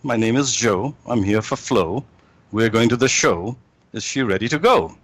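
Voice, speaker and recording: A man's voice: medium pitch, animated, normal speed, no room sound, lightly acted. A man voicing an eager young suitor who speaks in sing-song rhymes. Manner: sing-song rhyming delivery.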